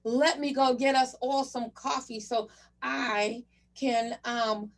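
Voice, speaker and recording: A woman voicing a cheerful male priest in a spoken joke, exclaiming brightly. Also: on the high side, fairly even intonation, slow pace, distant mic, slight background noise. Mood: delighted.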